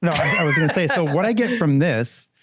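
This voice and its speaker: A man's voice: fairly high pitch, lively intonation, fast talker, fairly bright tone, no room sound, studio quality. An easygoing man cohosting a podcast, teasing the guest in casual chat.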